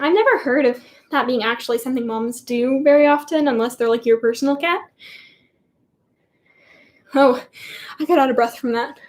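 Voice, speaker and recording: A teenage girl rambling in a giggly, chatty way while answering viewer questions on a casual livestream. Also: sits high. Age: teens. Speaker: livestream host. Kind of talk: casual live Q&A chat.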